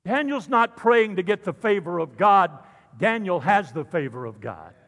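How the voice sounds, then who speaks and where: A man's voice: high voice, very animated, normal speed, fairly bright tone. An older man preaching a sermon as pastor in a church, fervent and drawn out on the big lines, with joking asides. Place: church sanctuary. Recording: long hall reverb.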